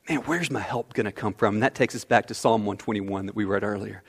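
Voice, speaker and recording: A man preaching a sermon as pastor, animated, swinging from quiet asides to loud outbursts. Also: lowish voice, fast, hardly any pauses, breathy edge. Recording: long hall reverb.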